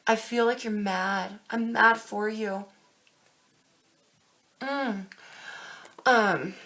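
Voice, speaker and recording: A young woman doing a casual tarot reading to camera, emphatic and quick to swear as she talks straight to her viewers. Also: medium pitch, a bit bright. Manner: emphatic, swears freely, speaks directly to viewers. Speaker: tarot reader.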